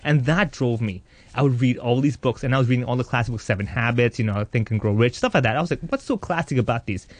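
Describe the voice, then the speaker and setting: Fast-talking man telling a joking life story. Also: mid-range voice, no echo. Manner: animated, joking, acts out voices in quotes. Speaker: interviewee. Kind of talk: candid personal storytelling.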